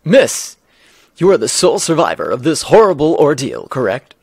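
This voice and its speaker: A man voicing a brash, excitable male TV news reporter in a loud broadcaster delivery while streaming a game. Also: on the high side, normal speed, creaky, slightly rough, dry recording, clean studio sound, exaggerated voice. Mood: announcing.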